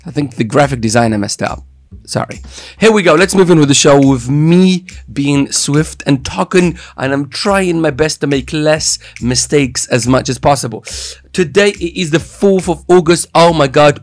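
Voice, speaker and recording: A man hosting a daily podcast from a studio, talking in an energetic, playful, hype-style way. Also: mid-range voice, normal speed. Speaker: podcast host. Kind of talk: casual podcast chat. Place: studio with cameras.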